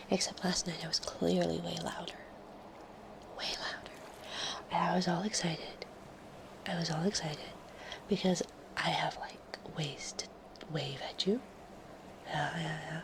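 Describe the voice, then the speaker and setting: A woman chatting casually on her live stream while sick with a fever, often dropping into soft whispers. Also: deep voice, big pitch swings, creaky, noisy background. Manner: slow and soft, drifting into whispers. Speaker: livestreamer. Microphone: close studio microphone.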